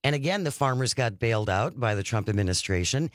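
A man hosting a radio interview who makes his points emphatically and spells them out slowly. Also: mid-range voice, expressive, no room sound, studio quality. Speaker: radio show host.

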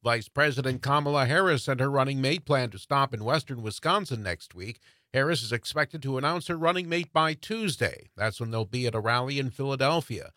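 Bright forceful man on local radio news. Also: mid-range voice, a little fast, no echo, studio quality. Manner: bright, forceful announcer read. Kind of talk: local newscast reading.

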